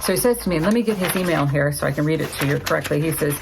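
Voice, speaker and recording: Low-voiced woman telling a personal story. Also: rapid-fire, vocal fry, hardly any pauses, a little hiss or hum, low-quality recording. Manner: lively, acts out both sides of remembered dialogue.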